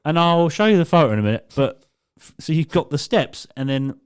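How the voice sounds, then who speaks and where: Young man, podcast co-host, giggly casual storyteller, a bit higher-pitched. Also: big pitch swings, brisk, clear, resonant tone. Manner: laughs through his story, swears a lot.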